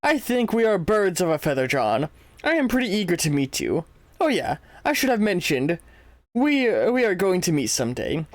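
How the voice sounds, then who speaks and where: A man's voice: sits high, big pitch swings, moderate pace, no echo. Man doing a posh, chummy young British adventurer, hearty and eager, dry close recording. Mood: jovial. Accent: put-on British. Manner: hearty, chummy, stumbling over lines while reading aloud. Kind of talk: reading comic dialogue aloud in a character voice.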